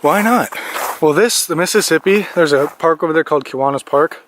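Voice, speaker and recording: A young man from Minnesota vlogging as he trudges through deep snow outdoors, rambling with lots of fillers and a little out of breath in the cold. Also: a little fast. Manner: rambling, filler-heavy talk with many 'like's. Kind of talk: casual vlog walking outdoors. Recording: wind and handling noise on a phone mic.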